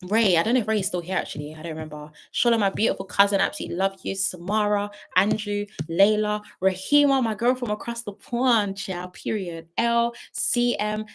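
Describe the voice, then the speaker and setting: A woman's voice: mid-range voice, brisk, hardly any pauses. A young woman streaming live late at night, praying earnestly and then thanking her viewers, close to tears and repeating herself. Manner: earnest and heartfelt, repeating phrases. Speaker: YouTube reality-show reviewer.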